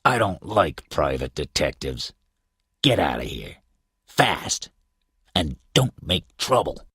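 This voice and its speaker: A man's voice: very deep voice, big pitch swings, takes it slowly, a bit bright, husky, no room sound, studio quality, exaggerated voice. A man voicing a hard, cold police detective in an audiobook, speaking threateningly through his teeth. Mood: hostile.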